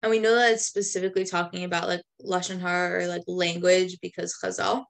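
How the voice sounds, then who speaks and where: A woman's voice: lowish voice, level tone, fairly quick, gravelly. A woman student asking a tentative question in class, hedging her words.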